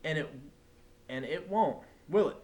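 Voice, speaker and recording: A scratchy, stern storybook teacher who rules her class like a witch, as a man reads her aloud. She talks slowly and commandingly, and her voice rises and falls a lot. A faint background noise sits under the reading. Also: a little high, expressive, a little mellow, pitched above the performer's own voice. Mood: stern, menacing. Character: strict scary witch-like woman teacher.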